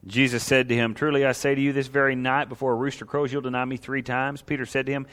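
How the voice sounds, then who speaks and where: A man preaching a sermon as a pastor, reading scripture and building to impassioned, loud emphasis. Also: mid-range voice, fast talker, few pauses. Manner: preaching, rises to impassioned shouting at climaxes. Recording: long hall reverb.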